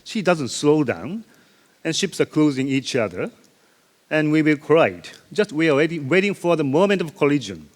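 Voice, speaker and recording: A man speaks from a stage in a large conference hall, and the long reverb trails after his words. His pitch sits a little high and swings widely as he tells his story. He acts out the action with sound effects and laughs at himself along the way. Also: big pitch swings, normal speed. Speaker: ship captain giving a conference talk.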